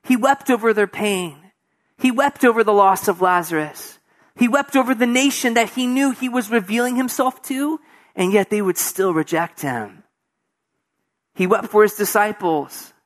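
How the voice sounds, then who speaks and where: A male pastor with a high voice preaches expressively. He shifts from quiet, intimate moments to raised emphasis and drops in casual, conversational asides. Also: normal speed. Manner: expressive, swings from soft hushed passages to raised emphatic preaching; conversational asides, acts out voices of people in the story. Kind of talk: sermon.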